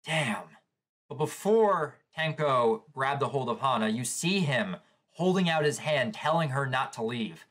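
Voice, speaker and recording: A man's voice: mid-range voice, animated, measured pace, a bit bright. A man hosting a live manga reaction, describing the panels aloud and reacting with shock to what he reads.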